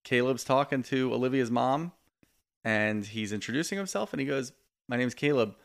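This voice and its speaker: A man's voice: mid-range voice, moderate pace, creaky. A man co-hosting a podcast, chatting casually and retelling scenes with quoted lines. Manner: relaxed storytelling, quotes people in lively bursts. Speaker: podcast co-host. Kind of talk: casual chat recapping reality TV.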